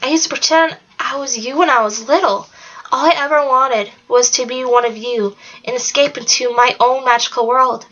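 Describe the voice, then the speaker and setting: An earnest, slightly wistful teenage girl, as a woman reads her from a storybook. The voice sits fairly high. The sound is dull and lo-fi. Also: fairly even intonation, moderate pace, a bit bright. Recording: dull lo-fi recording.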